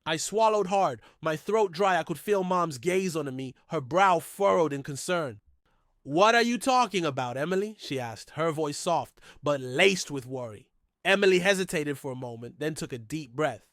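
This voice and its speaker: A man's voice: fairly high pitch, lively intonation, normal speed, a bit bright, dry recording, clean studio sound. A man narrating a dramatic, emotional first-person story.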